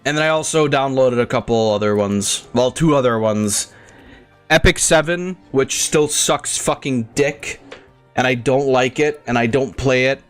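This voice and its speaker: A man's voice: mid-range voice, measured pace, smooth, faint music behind. A young man hosting his gaming channel, rambling through casual, crude and profane commentary as he plays.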